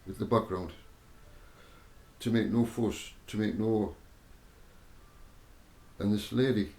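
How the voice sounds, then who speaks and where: A man telling a personal spiritual testimony, halting and repeating himself as he goes. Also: on the low side, fairly even intonation, a little mellow. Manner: halting, repeats words and restarts often. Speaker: storyteller giving a spiritual testimony. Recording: roomy echo with faint music behind.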